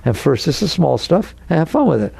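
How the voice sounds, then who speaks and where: Male spiritual teacher giving an inspirational talk, gravelly and slightly high, swoops around a lot, acts out worried voices. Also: brisk, dry recording. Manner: animated, acts out neurotic inner voices.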